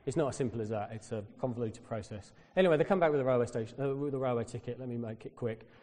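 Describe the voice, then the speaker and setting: A man's voice: medium pitch, rapid-fire, big-room sound, slight background noise. A man preaching a sermon, telling a personal story and acting out the people in it. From Britain. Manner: storytelling, animated when quoting others.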